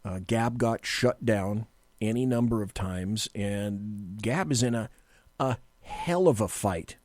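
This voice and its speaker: A man's voice: mid-range voice, darkish tone, no room sound. A man hosting a talk radio show, chatting casually with a self-deprecating, rambling humor.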